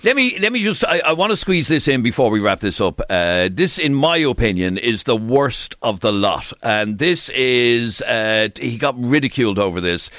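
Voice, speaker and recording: A man's voice: mid-range voice, very animated, normal speed, few pauses, fairly bright tone, dry recording. A man hosting a radio talk show, amused, often stammering and restarting. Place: radio studio. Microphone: studio microphone.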